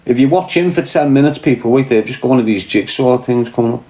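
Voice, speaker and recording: A man with a Scouse accent holds forth in a casual podcast monologue, blunt and full of swearing, checking again and again that his listeners follow him. His voice sits at an ordinary pitch, and the room around him rings with a noticeable echo. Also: fast talker, mellow. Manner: blunt, swearing, keeps asking "do you get what I'm saying". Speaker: podcast host.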